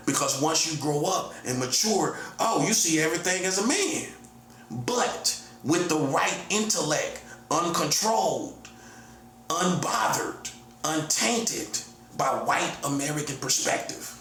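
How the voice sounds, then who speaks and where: A man in his forties, styling himself a prophet, gives a confrontational, repetitive monologue and keeps saying "buddy" to the listener. His voice is a little high and fairly bright. A faint hiss or hum, a roomy echo, and faint ambience are audible.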